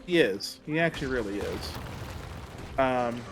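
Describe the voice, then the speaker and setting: A man's voice: mid-range voice, animated, unhurried, noisy background. A man chatting casually while streaming a game, laid-back and musing, with a sarcastic streak. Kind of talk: casual gaming stream chat.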